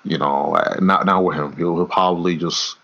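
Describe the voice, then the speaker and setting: A man with a very deep voice talks through a casual wrestling podcast. He rambles, restarts his sentences and swears freely. The recording sounds dull and lo-fi. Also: fairly even intonation, moderate pace, a bit bright. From New York. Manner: rambling, repeats words, swears. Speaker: podcast co-host. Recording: dull lo-fi audio.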